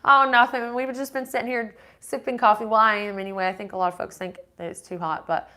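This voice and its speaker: Talking fast in a high, pushed, bright voice with a steady tone, a woman runs a relaxed live-stream Q&A. She reads out viewer comments and answers in a chatty, rambling manner, often restarting.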